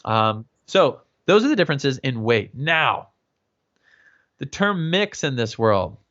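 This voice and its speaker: Male vocal coach, casual and chatty, lively pitch swings, dull lo-fi stream sound. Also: slow pace. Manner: explains with many fillers, asks "yeah?" and "right?". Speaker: voice teacher. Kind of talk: casual teaching livestream. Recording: dull lo-fi livestream audio.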